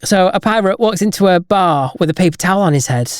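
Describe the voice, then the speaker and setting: A man co-hosting a casual podcast, telling jokes deliberately and chuckling at his own punchlines. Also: high voice, animated, dry recording, studio quality. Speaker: podcast co-host.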